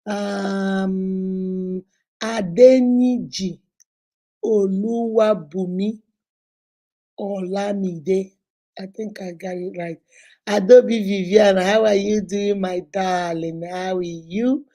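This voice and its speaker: A woman in her fifties hosts a relaxed live stream. Her voice is mellow and sits at an ordinary pitch. She chats casually, laughs often and greets her viewers one by one. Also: takes it slowly. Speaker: host.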